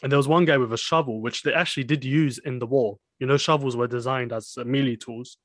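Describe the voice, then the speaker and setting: A man's voice: medium pitch, fairly even intonation, fast, no room sound, studio quality. A man casually discussing a film with a friend, rambling with many fillers and restarts.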